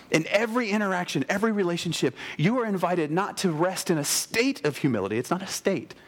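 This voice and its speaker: A middle-aged man delivering a conversational sermon, his voice sitting a little higher than most men's. He preaches in an animated way and talks straight to the people in front of him.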